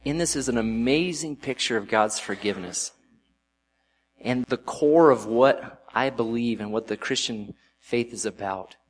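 A man delivers a relaxed sermon at a middle pitch. He reads scripture aloud and then breaks into loose, conversational commentary, talking to his listeners as if they were friends. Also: measured pace. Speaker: preacher. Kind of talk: casual sermon reading scripture.

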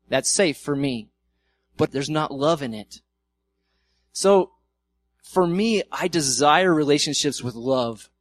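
A male pastor gives a sermon in a loose, talky way, slipping into little acted-out arguments for laughs. His voice sits a bit high for a man and is recorded close and dry, with hardly any room sound. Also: lively intonation, takes it slowly, long pauses, dry recording. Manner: conversational, acts out quoted arguments with humor. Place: church.

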